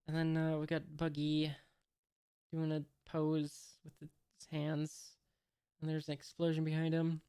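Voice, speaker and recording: A woman's voice: low-pitched, completely flat delivery, unhurried, warm tone, clean tone, no echo, clean studio sound. A woman reading a comic aloud and commenting on it casually, hesitant and thinking aloud with many fillers. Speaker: reader reacting to a comic. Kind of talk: casual read-along with commentary.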